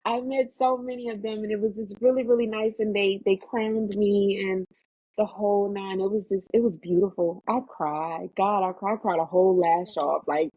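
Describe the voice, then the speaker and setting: A woman, an actress guest, telling her story in a casual interview, animated and acting out what others said. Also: normal speed, dry recording. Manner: animated storyteller, acts out quotes in a higher voice. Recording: tinny phone-like remote line.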